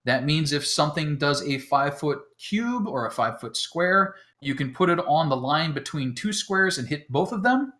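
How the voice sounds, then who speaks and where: Speaking at a normal speed with hardly any pauses, the game master has a slightly high, bright, pushed voice and lively intonation. He's talkative and self-deprecating, laying out the tabletop rules casually with lots of ums and other fillers.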